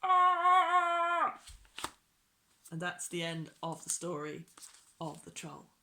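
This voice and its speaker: A storytime reader narrating a children's picture book gently and unhurriedly for young listeners. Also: medium pitch, level tone, normal speed, gravelly, slight background noise.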